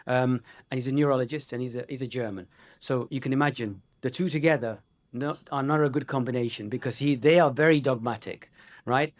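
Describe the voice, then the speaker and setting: A man's voice: fairly high pitch, a little mellow. A man giving a conversational, joking medical conference lecture, with many fillers. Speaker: conference speaker.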